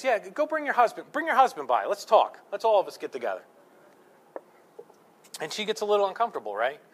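A middle-aged male pastor preaching a sermon, animated, telling stories and asking the congregation rhetorical questions. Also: fairly high pitch. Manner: animated storytelling with acted-out quotes and rhetorical questions.

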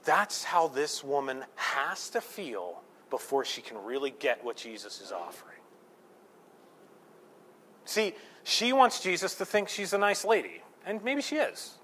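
A middle-aged male pastor preaching a sermon, animated, telling stories and asking the congregation rhetorical questions. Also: a little high, unhurried, slight background noise. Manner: animated storytelling with acted-out quotes and rhetorical questions.

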